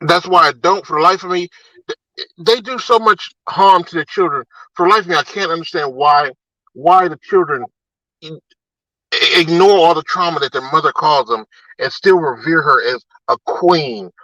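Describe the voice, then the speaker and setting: Ranting man with a bright dry voice. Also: a little high, moderate pace, no echo, poor audio. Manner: animated, exasperated ranting. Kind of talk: casual ranting chat.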